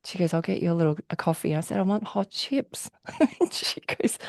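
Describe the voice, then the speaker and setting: A woman's voice: mid-range voice, expressive, a little fast, creaky, dark tone, dry recording, studio quality. An Australian woman telling stories in a casual chat, often laughing and acting out the voices of people she quotes. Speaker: guest.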